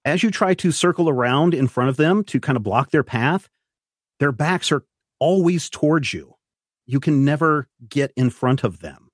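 A man's voice: a little high, lively intonation, moderate pace, no echo, studio quality. A man running a tabletop role-playing game, narrating scenes and explaining rules with some restarts. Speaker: game master.

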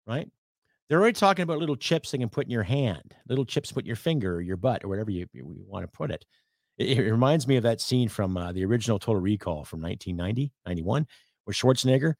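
A man's voice: mid-range voice, expressive, quick pace, darkish tone, no room sound, clean studio sound. A man from Canada hosting a podcast, delivering an angry, sarcastic rant with some swearing. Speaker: podcast host. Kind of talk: ranting podcast monologue.

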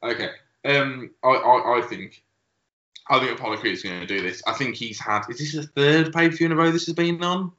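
Casting: rambling podcast co-host, bright, forceful voice, recorded in an echoey room. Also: male voice, medium pitch, brisk. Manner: rambling, laughing, restarts. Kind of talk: casual chat. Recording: echoey room, dull lo-fi sound.

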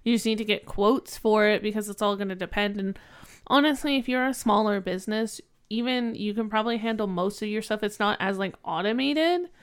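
A woman's voice: fairly quick, smooth. Giggly, chatty woman co-host. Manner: giggly and playful, then reads product details in a lower, quieter tone. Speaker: podcast co-host. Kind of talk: casual business chat.

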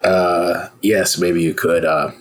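A man playing in a tabletop game, speaking hesitantly with many pauses. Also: low-pitched, level tone. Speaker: player. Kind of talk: tabletop role-play.

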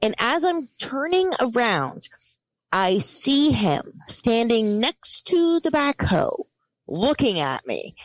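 Podcast lady telling a farm story, swears a lot, animated, kinda high voice. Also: slow, dry recording, low-quality recording. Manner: animated, profane, laughing storyteller. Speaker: podcast co-host. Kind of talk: casual chat, storytelling.

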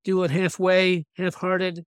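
A man who is a guest author, chatting earnestly on a faith podcast and reading scripture slowly. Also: high-pitched, completely flat delivery, no room sound, clean studio sound. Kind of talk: casual faith podcast chat.

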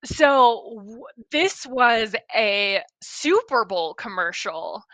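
Bright animated woman chatting. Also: on the high side, extremely slow, dry recording, rough recording. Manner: animated storyteller, laughs often. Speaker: co-host. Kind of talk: casual chat.

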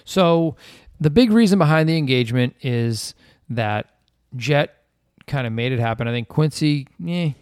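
A man in his thirties co-hosting a podcast, telling a family story in a rambling way, repeating himself and dropping to a hush for secret moments. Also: mid-range voice, expressive, moderate pace, clear, resonant tone, no echo, clean studio sound. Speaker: podcast co-host. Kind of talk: casual storytelling chat.

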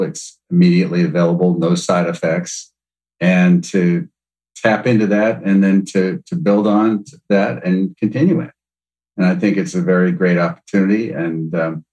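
Deep-voiced thoughtful man guest. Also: steady tone, normal speed, darkish tone, low-quality recording. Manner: thoughtful, hesitant, many "uh"s. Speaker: podcast guest, music producer. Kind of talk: casual interview chat.

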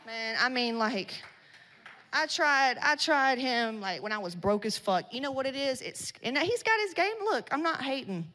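Her voice runs somewhat high and animated, moving at a moderate pace with few pauses. At a women's business event, she gives a live audience a blunt motivational speech laced with swearing and slang, loud in bursts, all echoing with long hall reverb.

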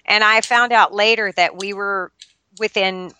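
A woman's voice: mid-range voice, fairly even intonation, unhurried, bright, forceful tone, a little hiss or hum. A middle-aged woman, a podcast guest, telling a personal story in an earnest, confessional and emotional way.

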